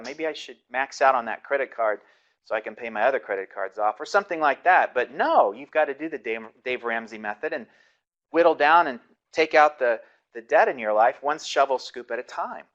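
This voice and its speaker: A man's voice: medium pitch, fairly bright tone, muffled recording. Chatty male lecturer telling stories. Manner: conversational, restarts sentences, chuckles often. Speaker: instructor. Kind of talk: classroom lecture with personal storytelling.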